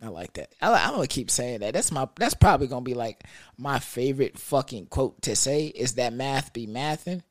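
A young man telling a casual story in an animated, profane, rambling way. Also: mid-range voice, moderate pace, no room sound, clean studio sound.

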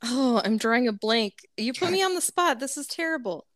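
Fairly high-voiced woman, joking co-host. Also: animated, a little fast. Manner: joking, laughs along. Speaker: podcast co-host. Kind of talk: casual chat. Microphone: remote call.

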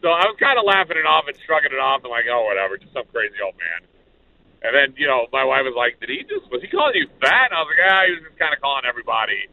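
A man's voice: mid-range voice, very fast, gravelly, slight background noise. Man telling a story over a tinny line. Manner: animated storyteller acting out quotes. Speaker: radio show host. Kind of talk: storytelling in casual talk. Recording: phone-like narrow band.

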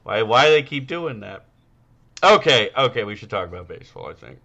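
A man's voice: fairly low pitch, very animated, fairly quick, vocal fry, sharp tone, highs cut off. A man co-hosting a podcast, chatting crudely and rambling with many fillers. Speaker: podcast co-host. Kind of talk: casual comedic chat.

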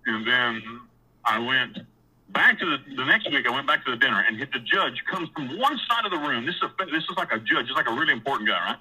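A man with a medium-pitched, slightly rough voice talks fairly quickly over poor audio. He rambles casually through a personal story with blunt, profane language and plenty of restarts and repeated words, growing animated while recounting scenes.

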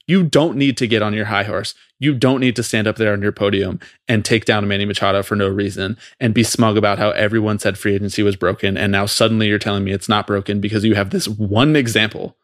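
A man co-hosting a podcast, ranting in a fast, profane, exasperated way about something that annoys him. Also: lowish voice, steady tone, dry recording, studio quality. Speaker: podcast co-host. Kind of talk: heated casual podcast rant.

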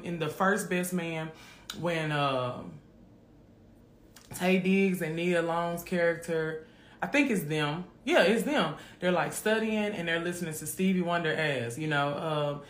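Man, fairly high voice, casual faith podcast host, roomy echoey sound. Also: measured pace, fairly bright tone. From Memphis, USA. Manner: casual, keeps calling listeners "friend". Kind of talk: live faith podcast talk with prayer.

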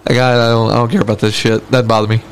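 A man's voice: mid-range voice, flat delivery, rapid-fire, a little hiss or hum. A man co-hosting a podcast in casual chat, crude and laughing often as he tells stories. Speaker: podcast co-host.

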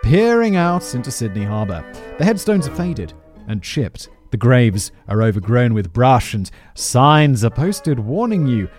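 A man's voice: medium pitch, very animated, measured pace, darkish tone, soft background music. A man with an English accent hosting a podcast, reading a script aloud and breaking off into rambling, self-deprecating asides. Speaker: podcast host.

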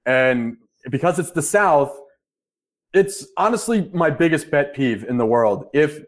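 A man's voice: a little high, expressive, unhurried. A man co-hosting a casual sports podcast, blunt and dry, with crude jokes. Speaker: podcast co-host.

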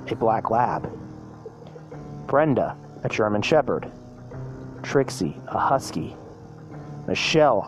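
Man, storyteller, plain reading, restarts, faint music behind. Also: medium pitch. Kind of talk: reading a fan story aloud.

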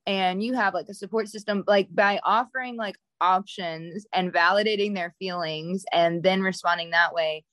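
A woman's voice: on the low side, normal speed, hardly any pauses, a bit bright, no room sound. A woman co-hosting a casual podcast chat, explaining earnestly with casual swearing.

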